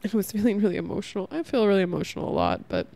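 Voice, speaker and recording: A woman's voice: medium pitch, huge pitch swings, rapid-fire, creaky, mellow. A young woman hosting a casual spiritual podcast, talking in a rambling, heartfelt way and saying "like" a lot. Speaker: podcast host.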